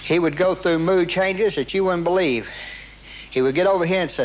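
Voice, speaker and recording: A man's voice: on the high side, fairly quick, slight background noise, low-quality recording. A man in an interview telling a story in a casual way, acting out quotes with many repeats and restarts, and swearing now and then. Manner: animated retelling, heavy quoting, repeats and restarts, swears.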